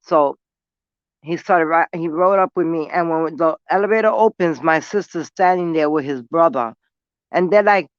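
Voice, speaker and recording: A woman's voice: sits low, normal speed, no echo, dull audio. A woman from New City, telling a story in blunt, profane street talk while smoking. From New York City. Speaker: vlogger. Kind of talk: casual storytelling.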